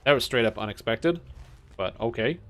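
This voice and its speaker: A young man streaming a game, chatting casually with amused, excitable bursts. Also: medium pitch, normal speed. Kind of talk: casual gameplay commentary.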